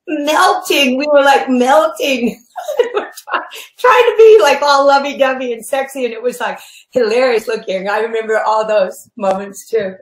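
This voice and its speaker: Woman, fairly high voice, animated storyteller, laughing often, echoey room. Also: normal speed. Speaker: guest performer. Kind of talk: anecdotal chat over video call.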